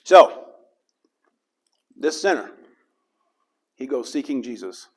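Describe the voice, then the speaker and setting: A man's voice: mid-range voice, expressive, takes it slowly. Dramatic preaching pastor, man. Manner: dramatic, acts out the crowd's and Jesus' lines. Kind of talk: sermon.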